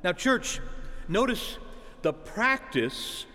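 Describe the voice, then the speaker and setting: Animated preacher man in an echoey church. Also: sits high, extremely slow. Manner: animated, calls on the congregation with "church" and "amen". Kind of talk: sermon.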